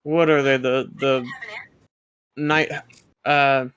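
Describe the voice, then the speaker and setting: A man co-hosting a podcast in casual chat, joking crudely and pausing on fillers. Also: medium pitch, little pitch movement, fairly bright tone, clear, resonant tone, dry recording, muffled recording. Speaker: podcast co-host.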